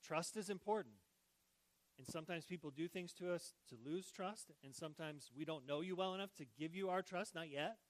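A man preaching a sermon as pastor, swinging between hushed tender lines and loud, joking bursts. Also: on the high side, fairly quick, no echo, rough recording. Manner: animated, shifts between hushed and loud, jokes.

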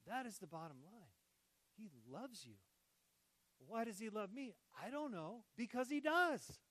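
Animated man preaching a sermon. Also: high voice, unhurried, no room sound, poor audio. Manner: animated, shifts between hushed and loud, jokes. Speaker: pastor.

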